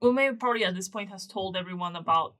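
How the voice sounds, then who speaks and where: A woman's voice: mid-range voice, fast, fairly bright tone. A woman playing in a tabletop role-playing game, chatting casually and thinking aloud in a hesitant way. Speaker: player.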